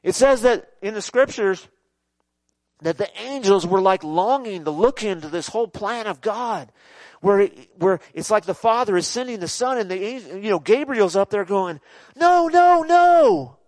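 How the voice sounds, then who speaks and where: A man preaching a sermon in an animated, conversational way, acting out scenes dramatically. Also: high-pitched, normal speed, no room sound. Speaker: pastor.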